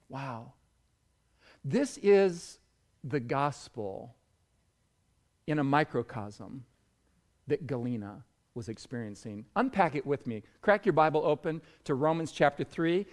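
A male preacher delivering a sermon in a conversational, emphatic way. His pitch sits fairly high for a man and rises and falls with animation. He draws his words out slowly. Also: darkish tone. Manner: conversational, dramatic storytelling, emphatic. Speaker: pastor.

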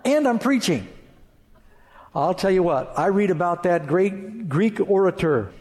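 A man's voice: sits high, lively intonation, measured pace, darkish tone. Man preaching in a reverberant church hall. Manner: earnest preaching with rhetorical questions and homely asides. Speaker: pastor. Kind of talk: sermon.

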